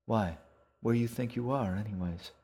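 A man's voice: on the low side, normal speed, darkish tone, husky. A man voicing a weary, glum male dragon who smokes and grumbles. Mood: grumbling.

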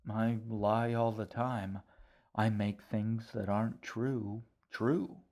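A man's voice: lowish voice, steady tone, slow pace, a little mellow. A man reading an audiobook voices a shaggy, whimsical host who talks in a wry, mocking, theatrical way.

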